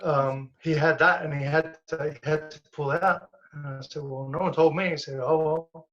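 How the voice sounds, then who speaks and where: A man recounting old fights in a relaxed, chatty way, laughing and cursing freely. His voice sits fairly high. The recording sounds dull and lo-fi. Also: moderate pace. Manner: animated anecdotes with laughs and swearing. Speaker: guest, former professional fighter. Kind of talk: casual storytelling.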